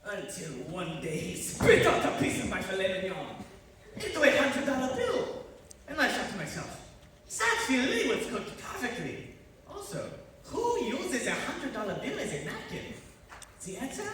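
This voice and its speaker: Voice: medium pitch, a bit bright. A performer playing a scheming chef who puts on a bad French accent, with hammy, evasive delivery. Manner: hammy, evasive, nervous laughter. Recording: echoey room, distant mic, faint noise.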